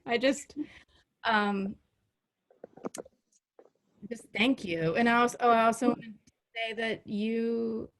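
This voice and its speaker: A woman in her fifties giving a heartfelt, halting birthday toast over a video call, choked up, with many ums and restarts. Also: mid-range voice.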